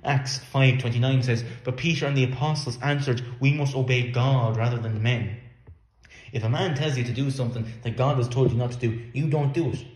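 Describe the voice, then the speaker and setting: A man's voice: mid-range voice, fairly even intonation, brisk, darkish tone. A man preaching a sermon in an earnest, emphatic way, sometimes repeating words as he works through a point. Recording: echoey room.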